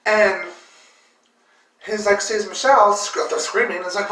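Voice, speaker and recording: Woman vlogger, rambling and emotional, bright forceful voice, recorded from a distance in an echoey room. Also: lowish voice, normal speed. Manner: emotional, full of fillers and repeated words. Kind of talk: personal storytelling. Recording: roomy echo, distant mic.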